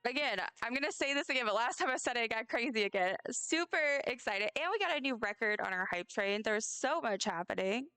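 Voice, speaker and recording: A woman's voice: on the high side, lively intonation, brisk, few pauses, sharp tone, clean tone, no room sound. A young woman streaming a game, chatting casually and rambling effusively, often stumbling over her words. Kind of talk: casual live-stream chat. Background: faint game music.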